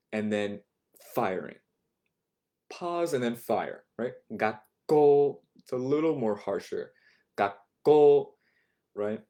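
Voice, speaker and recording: A man's voice: lowish voice, dark tone. A man teaching an online Japanese vocabulary lesson from home, patiently repeating each word for his students. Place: home, not a classroom.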